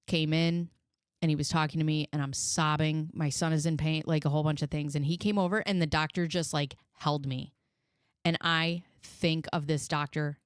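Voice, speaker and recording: Chatty low-voiced woman streamer. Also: clear, resonant tone, dry recording, clean studio sound. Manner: chatty, rambling, heartfelt. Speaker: live stream host. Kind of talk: casual commentary.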